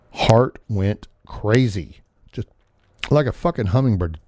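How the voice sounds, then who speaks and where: A man's voice: lowish voice, expressive, slow pace, noisy background. A man in his sixties hosting a podcast, telling personal stories in a casual, earnest way with some swearing. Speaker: podcast host.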